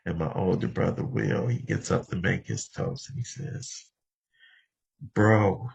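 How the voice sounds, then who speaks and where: Old guy in his 70s sharing at a meeting, super gravelly and husky, chatty storyteller. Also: sits low, moderate pace, darkish tone, dull audio. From Los Angeles. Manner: conversational storytelling, often addressing the room directly. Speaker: speaker at a recovery meeting. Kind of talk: personal recovery share.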